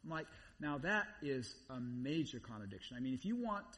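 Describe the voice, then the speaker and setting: A man preaching a sermon in a conversational, animated way, repeating phrases for emphasis. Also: mid-range voice, fairly quick. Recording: long reverb, voice somewhat far from mic.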